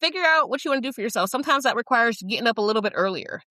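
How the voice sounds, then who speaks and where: A middle-aged woman hosts a relaxed podcast chat, her voice bright and a little high. She talks openly, laughing at herself, and the close mic leaves the sound dry with no room around it. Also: racing, dry recording. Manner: candid, self-deprecating, chatty with frequent likes and you-knows. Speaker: podcast host.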